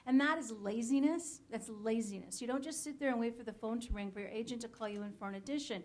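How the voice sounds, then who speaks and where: A woman's voice: on the high side, fast, hardly any pauses. A woman casting director giving blunt, frank advice to actors in a panel talk, laughing now and then.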